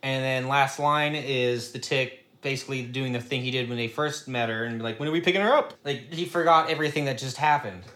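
A man co-hosting a podcast, chatting animatedly about a TV episode and jumping into loud character quotes. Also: mid-range voice, steady tone, fairly quick, hardly any pauses. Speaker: podcast co-host. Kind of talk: casual chat recapping a TV episode.

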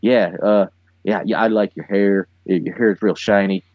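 A man's voice: on the low side, fairly even intonation, moderate pace, highs cut off. A man co-hosting a podcast, recapping an episode in casual chat with wry, laughing commentary. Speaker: podcast co-host.

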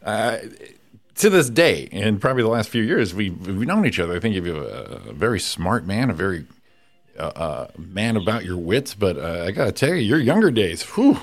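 A man's voice: lowish voice, sing-song, moderate pace. A male co-host in casual chat who laughs often and teases the guest. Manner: laughs often, teasing asides.

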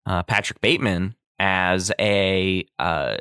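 Man breaking down a film, dry and bright. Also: low-pitched, slow, few pauses, smooth, no room sound. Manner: loose, filler-heavy, acts out quoted lines. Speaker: film commentator. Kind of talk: casual film analysis.

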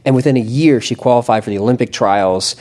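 A man's voice: medium pitch, fast talker, darkish tone. A man hosting a podcast, chatting casually with a guest, rambling and joking with frequent restarts. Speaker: podcast host. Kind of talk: casual chat.

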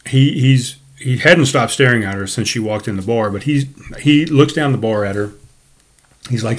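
A man's voice: mid-range voice, fairly quick. A man hosting a podcast, telling a story from his bartending job in a rambling, profane way with frequent self-corrections. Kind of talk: casual storytelling monologue.

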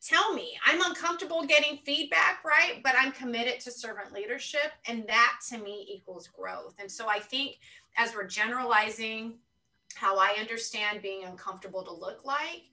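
A woman's voice: on the high side, moderate pace, bright, forceful tone, recorded from a distance, rough recording. A woman guest on an interview podcast, speaking earnestly and thinking aloud, often checking in with "right?". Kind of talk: reflective conversational interview talk.

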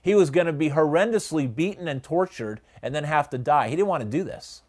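A man teaching a Bible study in a conversational way, often asking the listeners questions and pausing on "uh". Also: a little high, lively intonation. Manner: conversational, asks the audience questions, frequent uh fillers.

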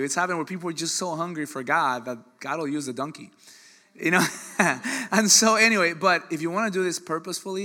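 Guy preaching, real bright forceful voice, jokey and animated, gets loud outta nowhere. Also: a little high. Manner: animated, joking preacher with sudden loud bursts. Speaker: pastor. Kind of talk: sermon.

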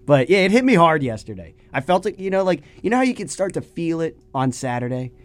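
A man's voice: on the high side, big pitch swings, brisk. Young male co-host, congested from a cold, easygoing banter on a mic. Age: young adult. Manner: laughs easily, teasing. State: stuffed-up nose from a cold. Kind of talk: casual sports chat.

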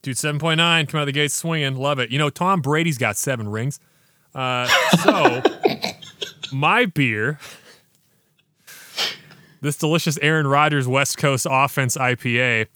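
Bright, eager male podcast host. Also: mid-range voice, a little slow, long pauses, no echo, clean studio sound. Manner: enthusiastic, slangy banter. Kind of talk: casual beer review chat.

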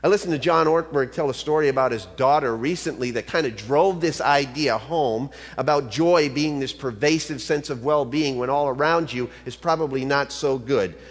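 A man's voice: medium pitch, normal speed, hardly any pauses. Conversational man preaching in a hall. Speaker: pastor. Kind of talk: sermon. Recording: long reverb of a large hall.

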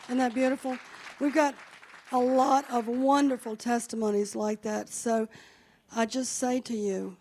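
A woman's voice: on the high side, fairly even intonation, measured pace, slight background noise. A woman pastor telling a healing testimony to a church congregation. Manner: warm storytelling, quoting others, enthusiastic.

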